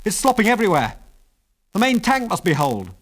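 A man voicing a young male airman who is eager and excitable, with quick, raised exclamations. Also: high voice, voice pushed up, exaggerated voice. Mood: excited.

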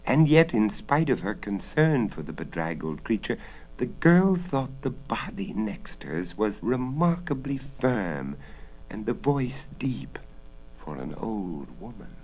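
A man reading a story aloud with dramatic expression, often dropping into hushed whispers for suspense. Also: fairly low pitch, very animated, slow pace.

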